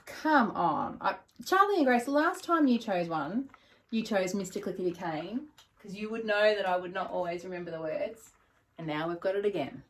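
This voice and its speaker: A woman reading picture books aloud to children, animated and asking them questions. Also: medium pitch. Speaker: children's storyteller.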